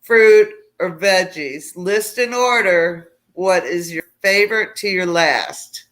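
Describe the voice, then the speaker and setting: A woman's voice: lowish voice, slow pace, fairly bright tone. A woman hosting a casual livestream chat, chatty and reading out viewer comments. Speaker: host.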